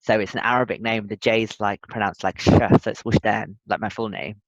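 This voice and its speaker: A man's voice: fairly low pitch, steady tone, brisk, dry recording. A man as a podcast guest, talking earnestly and thoughtfully in casual interview chat, often restarting his sentences. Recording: dull, lo-fi, dry sound.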